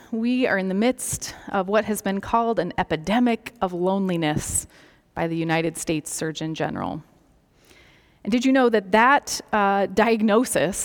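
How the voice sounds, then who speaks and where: Slow, gentle woman preaching in a hall. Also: mid-range voice. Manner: slow, gentle and reflective, soft near-whispered phrases. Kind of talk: sermon. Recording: long reverb of a large hall.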